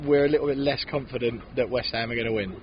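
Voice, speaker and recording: A man's voice: mid-range voice, fast talker, muffled recording, a little hiss or hum. A man with an English accent co-hosting a casual podcast, chatting outdoors at a city-centre bar. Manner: chatty, self-deprecating, builds in excitement. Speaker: podcast co-host. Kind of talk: casual chat.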